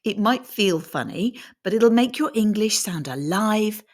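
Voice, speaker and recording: A woman giving a scripted English pronunciation lesson, deliberately demonstrating how her voice rises and falls. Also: mid-range voice, lively intonation.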